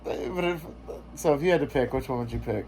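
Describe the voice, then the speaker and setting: A man's voice: mid-range voice, brisk, darkish tone, slight background noise. A man vlogging in casual chat, joking and rambling with lots of filler words.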